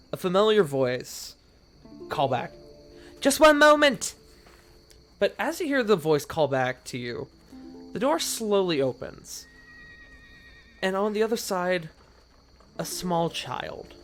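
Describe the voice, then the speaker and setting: A man narrating a tabletop game as game master, in loose, rambling narration with frequent restarts. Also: on the high side.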